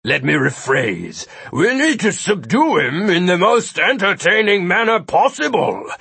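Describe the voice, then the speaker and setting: A man voicing a refined, tentacle-faced male monster who speaks slowly through a muffled mouth. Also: sits high, sing-song, gravelly, bright, forceful tone, breathy edge, no echo, pitched above the performer's own voice, full character voice. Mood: plotting.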